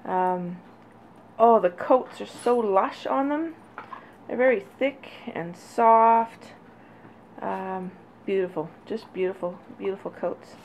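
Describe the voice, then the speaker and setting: A woman breeder talking casually and fondly while she films her puppies, now and then calling to them in a high sing-song. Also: slow, a little mellow. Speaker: dog breeder. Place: indoors near a puppy crate. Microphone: handheld camera. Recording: dull lo-fi audio with faint noise.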